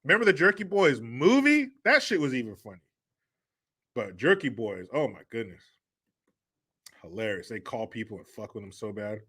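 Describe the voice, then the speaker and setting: A man's voice: medium pitch, very animated, normal speed, long pauses, sharp tone, breathy edge. A man hosting a casual, profane chat show in a rambling style, often breaking into laughter. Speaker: host.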